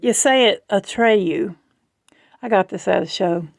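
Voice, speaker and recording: A woman vlogging at home in rambling, chatty talk with a gravelly fry. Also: mid-range voice. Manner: rambling, chatty, slow and drawling. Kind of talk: casual chat.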